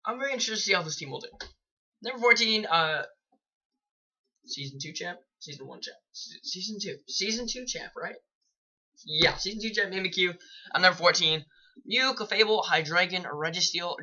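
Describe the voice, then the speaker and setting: A man's voice: high-pitched, bright, forceful tone, highs cut off. A man doing casual commentary on competitive game teams, rambling and correcting himself as he goes. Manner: rambling, self-correcting, chuckling at own slips. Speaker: Pokemon draft league co-host.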